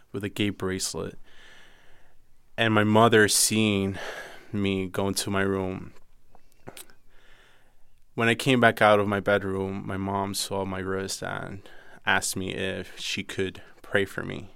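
A man's voice: sits low, gravelly, fairly bright tone, clear, resonant tone, no echo. A young man with a Dominican accent telling his own life story, earnest and intense. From Dominican Republic. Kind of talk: personal storytelling.

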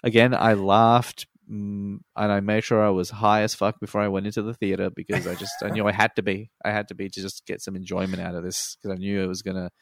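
A relaxed Australian man chats about films in a very deep voice with a gravelly rasp. He swears freely and laughs easily, and the recording is dry and close. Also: fast talker, few pauses, dry recording. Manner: laid-back, swears freely, laughs often. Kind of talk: casual chat.

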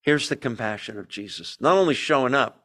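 A man's voice: medium pitch, animated, brisk, fairly bright tone. A man teaching a Bible study in a conversational way, asking the group questions and telling the story with energy.

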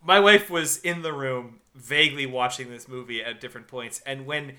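A man's voice: mid-range voice, moderate pace, bright, forceful tone. A man co-hosting a casual movie discussion podcast, rambling and restarting his sentences as he talks. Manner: rambling, self-interrupting. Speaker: podcast co-host.

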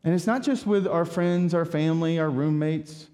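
High-voiced pastor preaching in a reverberant hall. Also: male voice, normal speed. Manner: conversational, animated with rhetorical asides. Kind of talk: sermon.

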